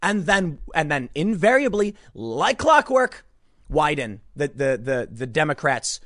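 A man giving opinionated news commentary, animated and sarcastic, sometimes mocking others in put-on voices. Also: a little high, measured pace, no room sound, clean studio sound. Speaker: political commentator.

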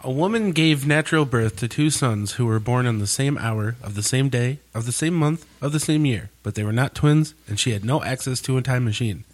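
A man's voice: mid-range voice, brisk, hardly any pauses. A man co-hosting a casual podcast, reading riddles aloud and teasing his friends. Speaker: podcast co-host. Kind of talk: casual banter, reading out puzzles.

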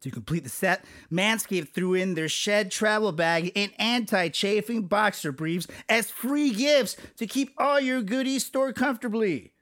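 High-voiced man, jokey ad read. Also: a bit bright. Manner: jokey, salesy. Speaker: podcast host reading an ad. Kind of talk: upbeat ad read.

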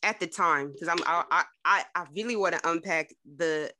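A woman's voice: on the low side, normal speed, bright, forceful tone, slight background noise. A woman hosting a podcast who asks probing questions and lays out hypothetical examples to unpack her guest's story. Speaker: podcast host. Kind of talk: interview questions.

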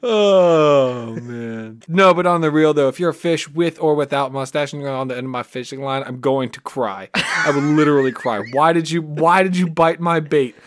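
High-voiced joking young man. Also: steady tone, a little fast, hardly any pauses, a bit bright. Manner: joking, goofy, dramatic rants. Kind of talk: casual chat.

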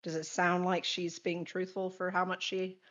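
A woman's voice: on the low side, level tone, normal speed, a bit bright, muffled recording. A woman playing a tabletop game, checking and questioning the game master. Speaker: player.

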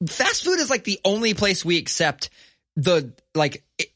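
A man, co-hosting a podcast, telling a story in casual chat, animated and profane, acting out the voices of people in his story. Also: high-pitched, normal speed, no room sound, studio quality. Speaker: podcast co-host.

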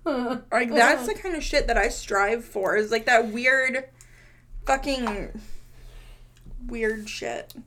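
A woman's voice: fairly high pitch, slow, pauses often, bright, forceful tone. A woman co-hosting a casual chat, blunt and playful, swearing freely. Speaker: podcast co-host.

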